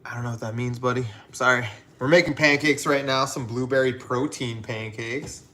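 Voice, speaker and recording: A man's voice: medium pitch, fairly even intonation, a little fast, pushed and bright. Chatty man hosting a cooking livestream. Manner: chatty, talks to viewers and reads chat aloud. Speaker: livestream host. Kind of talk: casual cooking livestream chat.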